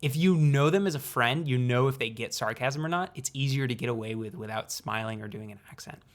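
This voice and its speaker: This student video creator, a young man, talks through explanations in a casual vlog at a mid-range pitch. He's playful and in no hurry, deliberately pausing between phrases.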